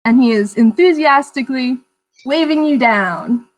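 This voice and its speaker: High-voiced woman narrating a tabletop game. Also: measured pace, rough recording. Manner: relaxed, chatty narration. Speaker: game master.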